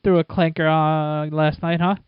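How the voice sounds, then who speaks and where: A man's voice: a little high, flat delivery, moderate pace, smooth, no echo, dull audio. A man co-hosting a casual sports podcast, wry and sarcastic. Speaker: podcast co-host.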